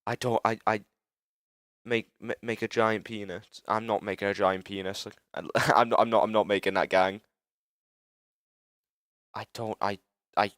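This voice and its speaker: A man's voice: fairly low pitch, steady tone, fairly bright tone, no room sound, studio quality. A young British man streaming live, rambling and swearing as he fumbles through a building tool and chats with viewers. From Britain. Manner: rambling, self-interrupting, swearing, quick to frustration. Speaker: livestreamer. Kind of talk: casual live-stream chat while game building.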